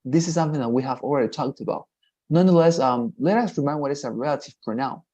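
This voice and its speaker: A man's voice: a little high, animated, fast talker, mellow. A man teaching English in a one-on-one lesson, encouraging and patient, often repeating praise.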